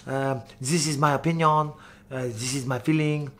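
A man putting on a mock French accent to voice another fighter, halting and hesitant. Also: mid-range voice, steady tone, a bit bright, lightly acted. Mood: grudging.

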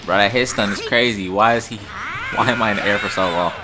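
A young man giving casual live commentary while playing ranked fighting-game matches, swinging between muttered complaints and yelled reactions. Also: fairly low pitch, fast. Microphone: desktop USB microphone. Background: loud game music.

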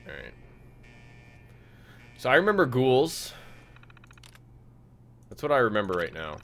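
A man's voice: medium pitch, a little slow, vocal fry. Casual male game streamer chatting. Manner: relaxed, reads chat aloud, frequent fillers. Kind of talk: casual live-stream chat over gameplay.

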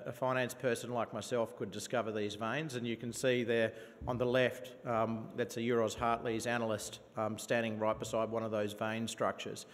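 A man with a New Zealand accent giving an enthusiastic investor conference presentation, with many fillers and restarts. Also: mid-range voice. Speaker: company presenter. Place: conference venue. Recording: reverberant conference hall.

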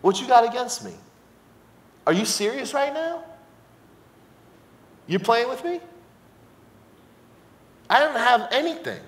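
Guy doing a loud brash jersey widow lady, pitched up, big echoey church hall. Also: animated, takes it slowly, pauses often, full character voice. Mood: bitter. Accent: New Jersey. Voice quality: brash, streetwise, rough talking. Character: tough widowed woman, defiant and desperate. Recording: long hall reverb, church sanctuary.

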